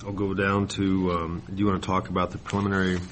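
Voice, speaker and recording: A man chairing a county board meeting, brisk and procedural with a dry sense of humor. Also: sits low, flat delivery, heavy background noise. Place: public meeting room.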